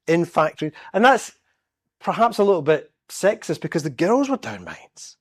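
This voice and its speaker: A man's voice: high voice, big pitch swings, normal speed, no room sound. A man from Scotland, giving a storytelling public talk as a guest speaker in a church. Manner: storytelling, acts out quoted voices.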